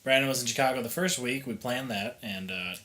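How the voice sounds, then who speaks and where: A man's voice: medium pitch, fairly quick, sharp tone. A man co-hosting a gaming podcast, chatting casually and teasing his co-host with playful jokes, in a small home studio room. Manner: playful and teasing, with jokey bad grammar. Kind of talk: casual chat.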